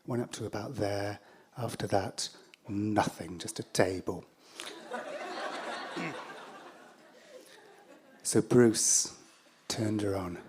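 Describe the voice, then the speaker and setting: An English man telling a true story on stage in a wry, self-deprecating way, halting with fillers and restarts. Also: on the low side, darkish tone. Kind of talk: live storytelling.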